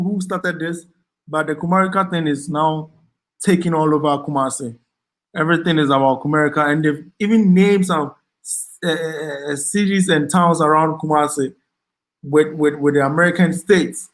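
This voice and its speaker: A man's voice: fairly high pitch, fairly even intonation, moderate pace, fairly bright tone. A Ghanaian man hosting a casual livestream, reading out viewer comments and thanking them, with frequent ums and repeated words. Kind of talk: casual live chat.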